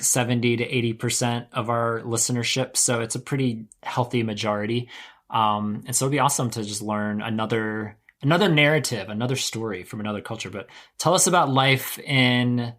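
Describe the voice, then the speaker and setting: An American man hosting a podcast, chatting eagerly and rambling with frequent restarts. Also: mid-range voice. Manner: warm enthusiastic rambling, self-correcting. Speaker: podcast host and co-founder editor. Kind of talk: casual podcast chat.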